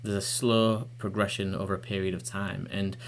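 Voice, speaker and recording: A man's voice: low-pitched, flat delivery, moderate pace, slight background noise. A man hosting and narrating, telling the story earnestly and then chatting casually to his viewers. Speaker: host and narrator. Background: background music.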